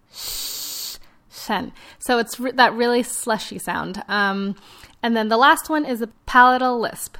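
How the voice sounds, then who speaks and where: Woman speech therapist doing a podcast, clear explainer, medium pitched voice. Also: fairly bright tone. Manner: clear, explanatory, demonstrates sounds. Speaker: podcast host, speech-language pathologist.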